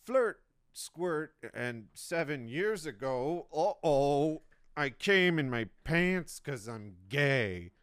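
A man voicing a flustered, goofy president blurting out a silly speech in a loud, drawn-out manner. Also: a little high, animated, clear, resonant tone, no echo, studio quality. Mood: giddy.

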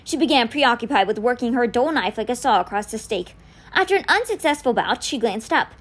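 A woman's voice: a little high, fairly quick. A woman reading a novel aloud for a podcast, telling the story expressively. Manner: expressive storytelling with quoted lines read in. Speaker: podcast book reader.

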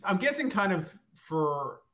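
A man's voice: sits high, big pitch swings, a little slow, a bit bright. An American man, a sports journalist, chatting as a podcast guest, rambling and self-deprecating. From United States. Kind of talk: casual podcast chat.

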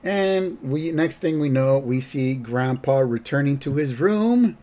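A middle-aged man hosting a podcast, retelling a cartoon episode in a slow, rambling way with fillers and self-corrections. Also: medium pitch, lively intonation, dark tone. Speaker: podcast host. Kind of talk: casual recap of a cartoon episode.

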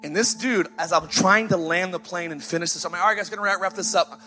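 A man in his thirties preaching a sermon as pastor, emphatic and story-driven with sighs and dramatic pauses. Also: sits high, sharp tone. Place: church sanctuary, live. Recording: faint music behind.

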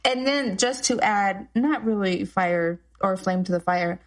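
A woman co-hosting a casual political chat podcast, laughing often and jumping in with quick remarks. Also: medium pitch, steady tone. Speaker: podcast co-host.

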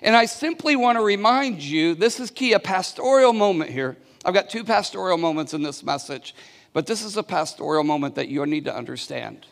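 A man's voice: on the high side, fairly quick, vocal fry. A man preaching a sermon as pastor, telling a story and calling on the congregation to answer back, often restarting his words. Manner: storytelling with call-and-response to the congregation; many restarts and repeated words. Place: church hall. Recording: long reverb of a large hall.

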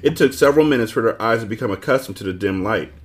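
A man's voice: fairly low pitch, expressive, fast talker. A man reading a children's novel aloud as the host of a book club show.

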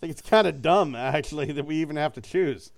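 A man's voice: a little high, brisk, vocal fry. A man reading a choose-your-own-adventure book aloud to friends, with loose, joking and profane asides. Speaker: reader running a gamebook for friends.

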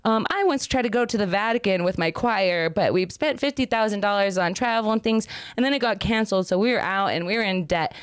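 Smooth-voiced woman telling a rambling story. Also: mid-range voice, fairly quick, hardly any pauses, dry recording, clean studio sound. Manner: rambling storyteller, acts out quotes. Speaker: podcast host. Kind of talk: casual chat.

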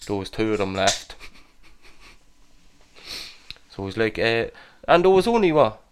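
A man's voice: on the low side, big pitch swings, measured pace, clear, resonant tone. A man co-hosting a podcast, ribbing his friend with sweary banter. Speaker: podcast co-host. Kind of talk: casual chat.

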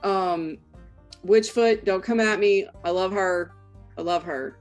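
A woman guest on a casual podcast, hesitant and rambling with many pauses. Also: mid-range voice, soft background music.

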